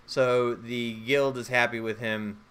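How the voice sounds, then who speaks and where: A man's voice: mid-range voice, steady tone, slow pace, fairly bright tone. Joking man rambling through a solo game. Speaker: solo tabletop game player. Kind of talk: casual solo play commentary.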